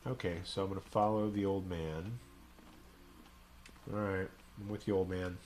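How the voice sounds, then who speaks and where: A man's voice: low-pitched, fairly even intonation, moderate pace, pauses often, a little mellow, slight background noise. A man, a rabbi hosting a game stream, who chats with playful, joking asides while he plays. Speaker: rabbi and host. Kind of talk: let's play commentary.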